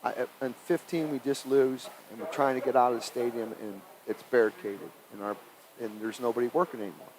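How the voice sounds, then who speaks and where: A middle-aged high school football coach spins animated locker-room stories, laughing often. His pitch sits at an ordinary middle height. A faint noise hums behind him. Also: fairly quick, rough recording. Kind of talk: casual storytelling chat.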